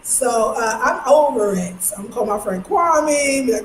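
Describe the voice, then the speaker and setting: A lively woman from New York talks straight to her viewers in a loose, slangy vlog chat. Her voice sits a little high, and she keeps jumping into squealing impressions of other people. The sound rings in an echoey room with a faint hum of ambience behind her. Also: fairly quick, few pauses. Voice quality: animated, slangy, jumps into high mimicking voices. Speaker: vlogger.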